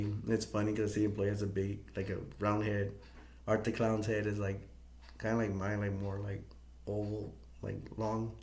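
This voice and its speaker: Rambling man with a low voice. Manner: rambling, with many fillers and restarts, chuckling. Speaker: movie reviewer. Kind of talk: casual retelling of a film. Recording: echoey room.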